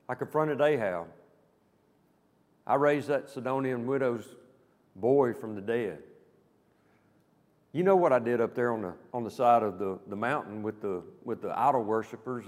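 A man preaching to his congregation in a relaxed, conversational way, often asking the room questions and checking in with "okay?". His mid-range voice carries a long reverb tail from the hall around him. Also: medium pitch, moderate pace, pauses often. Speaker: pastor. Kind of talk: sermon.

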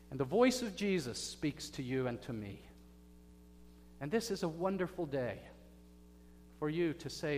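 Man preaching, dramatic storyteller, hushed then loud, long church reverb, faint hum. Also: medium pitch, lively intonation, moderate pace. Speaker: pastor. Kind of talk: sermon. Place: church sanctuary. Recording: echoey hall with faint hum.

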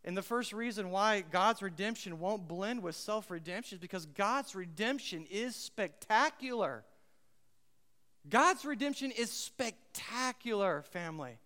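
A man preaching a sermon as pastor, emphatic and repeating his key phrases, swinging between loud and hushed, and putting questions to the congregation. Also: sits high, lively intonation, moderate pace, few pauses, long reverb tail.

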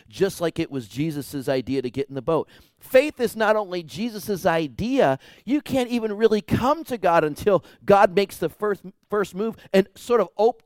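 Animated male pastor, higher pitch. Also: no echo, clean studio sound. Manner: animated storytelling, acting out dialogue; swings from loud to hushed. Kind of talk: sermon.

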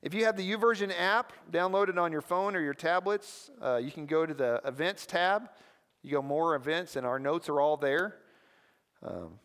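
A man preaching a sermon as pastor, lively and conversational, often prompting the listeners with questions. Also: on the high side. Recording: long hall reverb.

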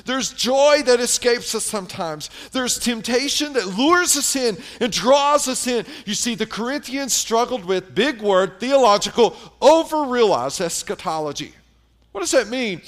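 A middle-aged man preaching a sermon as pastor, emphatic and putting questions to the congregation. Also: very high voice.

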